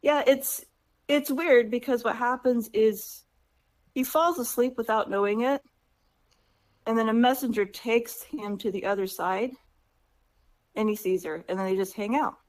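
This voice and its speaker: A woman author in an interview, retelling her book's plot in a lively, conversational way and often checking in with "right?". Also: fairly high pitch, measured pace, long pauses. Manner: animated storyteller, acts out characters' lines. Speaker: author guest.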